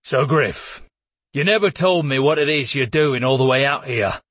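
A stubborn old warrior, put on by a male storyteller, grumbles and curses in a husky, mid-pitched voice. He is coarse and gruff but humble underneath. The read is dry and close, straight from an audiobook. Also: moderate pace, a bit bright, no room sound.

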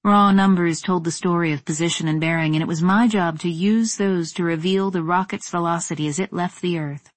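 A woman reading a first-person story in a measured, tense narrating voice. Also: fairly low pitch, fairly even intonation, dry recording. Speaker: audiobook narrator.

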